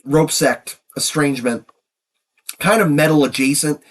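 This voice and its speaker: A man's voice: fairly high pitch, unhurried. A man in his fifties with a cold and a sniffle, talking loosely through an album countdown and trailing off now and then. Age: 50s. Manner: rambling, trailing off. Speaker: music reviewer.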